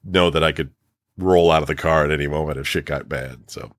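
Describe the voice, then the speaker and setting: A man's voice: rumbling low, a little fast, no room sound, studio quality. A middle-aged man co-hosting a podcast, telling stories in casual chat, swearing and laughing often. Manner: animated storyteller, swears, laughs a lot. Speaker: podcast co-host.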